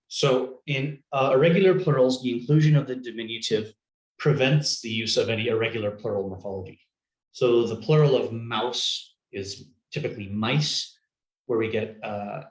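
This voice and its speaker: Low-voiced man presenting in an echoey room. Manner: explains by listing example words. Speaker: conference presenter. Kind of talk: short recorded poster talk.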